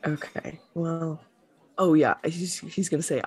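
A man's voice: a little high, fairly even intonation, measured pace, darkish tone, slightly rough. A man playing a tabletop role-playing game, talking casually with fillers and laughs. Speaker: player.

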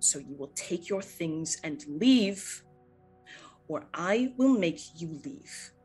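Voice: medium pitch, animated, takes it slowly, a little mellow, breathy edge, soft background music, low-quality recording. A game master voicing a stern, unforgiving grandmother. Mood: cold, stern. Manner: commanding, clipped threats.

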